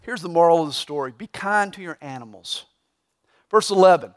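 High-voiced man preaching a sermon. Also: a little fast. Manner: preaching with humor, tells a joke with rising excitement. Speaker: pastor.

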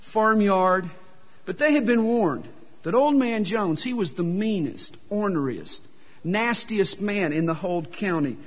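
A man preaching a sermon, telling folksy jokes with a self-deprecating humor, recorded in a dull, echoey hall. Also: high-pitched. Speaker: pastor.

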